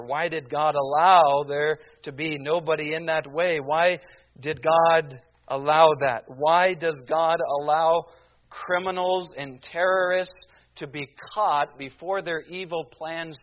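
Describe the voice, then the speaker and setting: A man's voice: on the high side, dull audio. A man preaching a sermon, hammering home his point with one rhetorical question after another. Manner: emphatic, rhetorical questions, slows down on key phrases.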